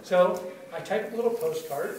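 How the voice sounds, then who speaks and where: High-voiced man telling stories in echoey hall. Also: moderate pace, distant mic, a crowd in the background. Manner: animated, chatty, heavy use of "like". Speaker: storyteller at a spoken-word event. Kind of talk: live storytelling talk. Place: room with a live audience. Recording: very echoey room taped from afar.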